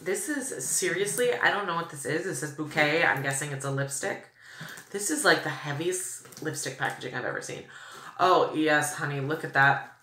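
A woman's voice: low-pitched, normal speed, sharp tone. A young woman vlogging as she unboxes beauty products, gushing and chatty with lots of fillers. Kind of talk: casual unboxing chat. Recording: echoey room with clear background noise.

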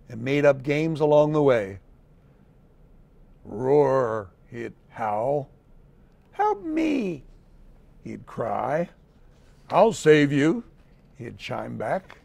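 A mayor reads a children's picture book aloud, slow and gentle. His voice is gravelly with a husky edge, and he lifts into livelier tones when the story calls for it. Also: mid-range voice.

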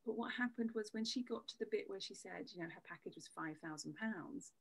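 Husky woman explaining patiently. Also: mid-range voice, brisk, rough recording. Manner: explanatory, uses demonstrative examples. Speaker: voice coach guest. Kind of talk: conversational interview.

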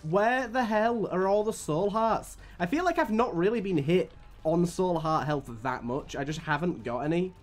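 A man's voice: high voice, lively intonation, normal speed. A young man streaming a game live, grumbling and swearing at it as he plays. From United Kingdom. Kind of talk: live gameplay commentary.

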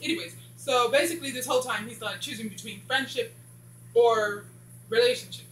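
Fields: Sex: woman. Role: TV reviewer. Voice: bright. Style: rambling casual recap. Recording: echoey room, faint hum. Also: fairly high pitch, brisk. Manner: rambling, skips dialogue with repeated "blah". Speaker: TV show reviewer.

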